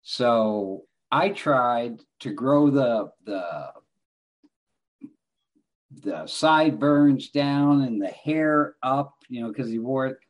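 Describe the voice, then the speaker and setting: A man's voice: medium pitch, takes it slowly. A man, an actor guest in an interview, answering in a wry, self-deprecating way. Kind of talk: casual interview.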